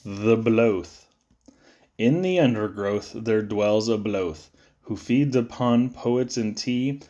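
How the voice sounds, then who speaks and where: A man giving a playful, sing-song reading of children's poems, with sudden high squeaks and low drops. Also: takes it slowly, mellow, dull audio. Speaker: poetry reader.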